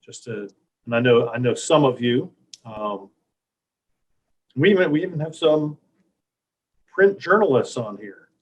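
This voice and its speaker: A man's voice: medium pitch, animated, a little slow, long pauses, slightly rough. A man hosting an online question-and-answer session, friendly and informal, taking questions over a video call. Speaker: moderator and host. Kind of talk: casual chat hosting an online Q&A.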